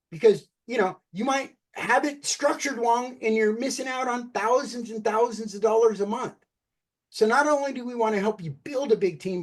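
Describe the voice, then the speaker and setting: A man presenting an enthusiastic sales pitch on a team video call, upbeat and talking straight to his listeners. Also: a little mellow. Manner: upbeat, keeps addressing listeners as "you guys".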